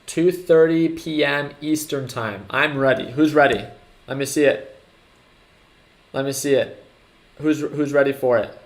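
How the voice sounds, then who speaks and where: An excitable young man hosting a trading livestream, talking casually and hyping up the chat. His voice sits at an ordinary, middle pitch. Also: measured pace, pauses often.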